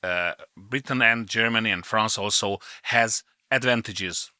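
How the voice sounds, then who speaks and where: Hungarian-accented male co-host, measured explainer, bright timbre, dry sound. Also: on the low side, dry recording. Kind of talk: casual chat.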